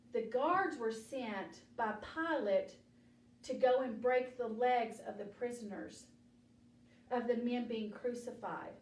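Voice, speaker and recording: Slow-paced woman telling a Bible story. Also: fairly high pitch, darkish tone. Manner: slow, deliberate storytelling, asking children questions. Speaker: children's Bible study teacher. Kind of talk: storytelling a Bible lesson to children. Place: church room. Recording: echoey room, mic at a distance.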